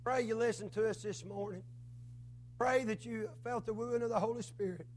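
Preacher, male, drawl, strained hoarse voice, very high register, fervent sermon delivery. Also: fairly even intonation, moderate pace, soft background music. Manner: fervent, rising to shouts then dropping low.

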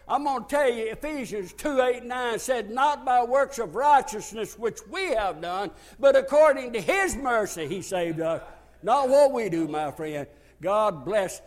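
High-pitched man, preacher, impassioned sermon, shouts at the peaks. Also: animated, measured pace. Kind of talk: sermon with altar call.

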